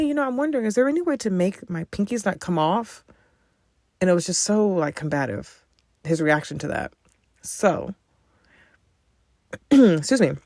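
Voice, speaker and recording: Chatty woman podcast host, gravelly voice. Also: deep voice, dry recording, studio quality. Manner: chatty storyteller, many "like" fillers, animated retellings. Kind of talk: casual chat.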